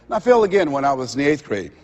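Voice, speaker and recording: A man's voice: fairly high pitch, very animated, racing, darkish tone. Man from Miami telling his story in a hall. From Miami, Florida. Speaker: motivational speaker. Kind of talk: personal testimony speech. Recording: dull recording in a reverberant hall.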